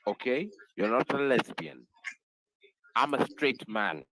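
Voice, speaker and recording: Teasing male co-host; lively, swooping delivery, dry close sound. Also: mid-range voice, slow pace, dry recording, rough recording. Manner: teasing, repeats himself. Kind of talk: casual banter.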